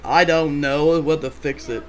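A woman's voice: low-pitched, steady tone, moderate pace, heavy background noise. A woman casually explaining game steps to her co-player, patient and step by step. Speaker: let's-play co-host. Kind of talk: casual gameplay instructions.

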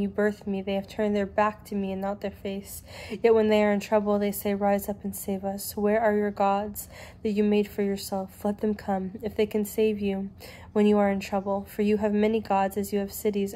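A young woman reads scripture aloud at a steady, measured pace. Her voice is warm and mellow, and her pitch barely moves from line to line. She keeps an even, unhurried delivery throughout. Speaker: Bible reader. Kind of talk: scripture reading.

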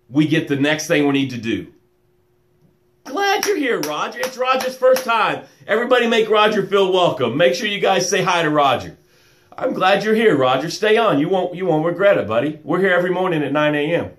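Man with a slightly high voice, coaching breaths. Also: lively intonation. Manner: calls himself loud and boisterous; slow, soothing breath cues, warm welcomes to viewers. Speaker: motivational coach and show host. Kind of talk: live-stream pep talk with guided breathing.

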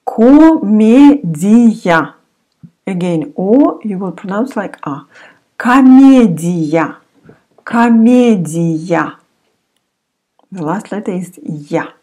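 A woman with a Russian accent teaching a language lesson, pronouncing each word slowly and repeating it several times. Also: on the low side, expressive, dark tone, slightly rough.

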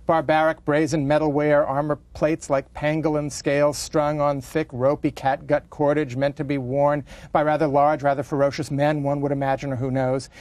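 A man's voice: a little high, little pitch movement, normal speed, hardly any pauses, a little mellow, dry recording, natural voice. A man reading as a rambling British housewife. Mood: wry rambling. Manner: ornate run-on monologue with self-interruptions. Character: chatty middle-aged British housewife, rambling.

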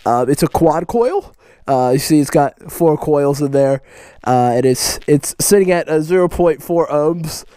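A man putting on the voice of a laid-back car guy obsessed with vaping, drawling with lots of slow pauses. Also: on the high side, lively intonation, mellow, clear, resonant tone, no echo, voice pushed down.

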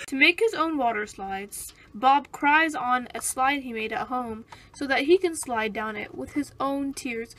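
A woman narrating a toy figure skit in the flat style of a mock documentary. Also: sits high, unhurried, few pauses, a little hiss or hum. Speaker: video creator and narrator.

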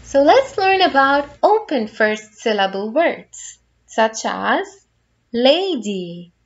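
Slow, patient woman phonics teacher. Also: sits high, big pitch swings, muffled recording. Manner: slow, patient, spells out each word step by step. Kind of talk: phonics lesson for young children.

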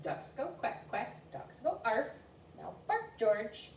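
A woman's voice: fairly high pitch, huge pitch swings, slow pace, vocal fry, darkish tone, a little hiss or hum, pitched above the performer's own voice, full character voice. A woman reading a storybook aloud and voicing a fussy mother dog who insistently scolds her puppy, recorded in a roomy space from a distance. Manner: exasperated, insistent.

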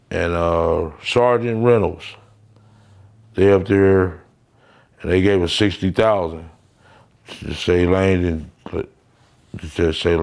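A man's voice: low voice, gravelly. A man telling stories in a casual interview, blunt and profane, acting out the voices of people he quotes. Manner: profane street storytelling, acts out quoted voices. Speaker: interview guest.

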